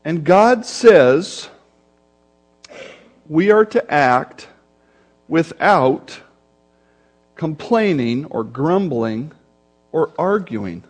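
This pastor's voice is high and light, and his intonation is lively as he works through the text verse by verse. Speed and loudness change abruptly between pressing urgency and long, stretched delivery, with occasional dips into a deep, growly grumble to bring a word to life.

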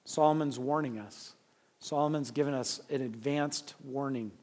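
A male pastor preaches emphatically at medium pitch and a moderate pace. He swings between loud urging and quiet asides, often repeating and restarting his words.

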